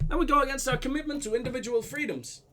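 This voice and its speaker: A man's voice: very high-pitched, quick pace, bright, forceful tone, pitched above the performer's own voice. Man doing a pompous diplomat, fake Russian-German accent. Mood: smooth, evasive. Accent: mock Russian-German blend. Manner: suave, evasive, pompous. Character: smooth evasive male foreign diplomat, middle-aged.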